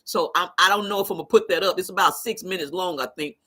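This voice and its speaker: A woman's voice: fairly low pitch, quick pace, slightly rough. A woman hosting a casual live stream who tells stories with lots of laughter and talks back to her chat. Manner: animated storytelling, laughs often.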